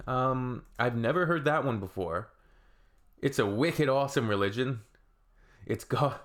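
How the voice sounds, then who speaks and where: A man's voice: fairly low pitch, a bit bright. A man from Canada hosting a reaction video, reading comments aloud with wry, sarcastic asides.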